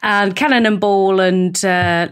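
A woman co-hosting a casual podcast chat, bawdy and jokey, quick to break into impressions. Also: mid-range voice, fairly even intonation, smooth. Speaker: podcast co-host.

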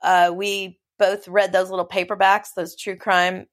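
A middle-aged woman from Los Angeles, a film producer talking as a guest in a casual interview, chatty and animated. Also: medium pitch. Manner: chatty, animated storytelling with quick asides. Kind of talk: casual conversation.

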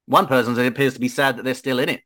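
A man's voice: medium pitch, steady tone, fast, pushed and bright. A man narrating as game master of a tabletop game, hesitant and full of fillers.

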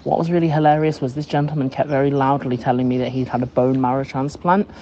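A man's voice: medium pitch, flat delivery, fast, mellow. A man leaving a chatty, amused voice message telling a story from work. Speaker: caller leaving a voice note. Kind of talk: recorded voice message. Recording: dull lo-fi voice note with faint hiss.

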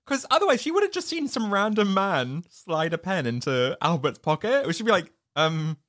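A playful, wry woman co-hosting a casual film podcast, with a voice that swings widely in pitch. She laughs often, and her voice sounds dry and close to the mic. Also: sing-song, brisk, no room sound. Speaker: podcast co-host. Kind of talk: casual chat about a film.

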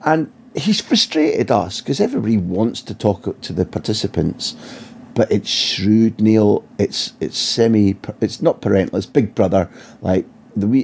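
A man's voice: on the low side, vocal fry, darkish tone, slightly rough. A man, a football journalist telling vivid anecdotes in an interview, often restarting his phrases. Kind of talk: storytelling interview answers.

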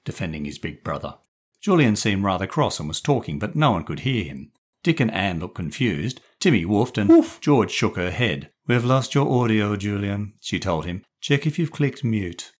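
Expressive low-voiced male storyteller. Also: slightly rough. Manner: lively, expressive. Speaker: author and narrator. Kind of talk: storybook reading.

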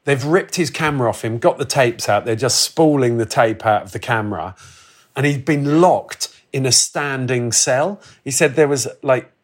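A man in his forties tells a story in a relaxed, chatty way. His voice sits at an ordinary middle pitch. He swears freely and slips into quick impressions of the people he met. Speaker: podcast guest telling travel stories. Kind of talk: casual anecdote telling.

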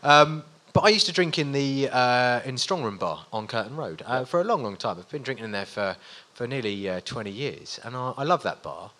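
A man's voice: mid-range voice, animated, a little fast, few pauses, sharp tone. A man in his forties telling self-mocking, swearing anecdotes as a guest on a live stage show. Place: live stage in front of an audience.

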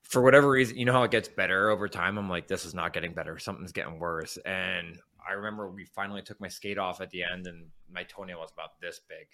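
Low, bright-voiced joking ex-player. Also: male voice, fairly even intonation, fast, few pauses. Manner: joking, laughs often. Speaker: former player, guest. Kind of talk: casual chat.

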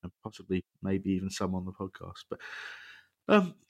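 A man's voice: low voice, big pitch swings, normal speed. A man hosting a podcast panel, jokey and rambling, often laughing at himself. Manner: jokey, rambling, self-deprecating. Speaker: podcast host. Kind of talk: casual chat.

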